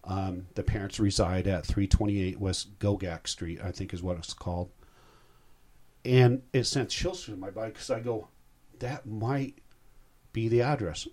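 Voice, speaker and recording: A man's voice: lowish voice, warm tone. A man in his sixties, a guest recounting a personal story in a rambling, heartfelt way. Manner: rambling, heartfelt, self-interrupting.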